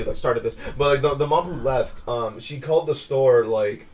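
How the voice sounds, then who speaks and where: A young man co-hosting a podcast, telling an animated story, acting out quotes and laughing often. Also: medium pitch, moderate pace, soft background music. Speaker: podcast co-host. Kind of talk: casual chat, storytelling. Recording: podcast mic, shared room.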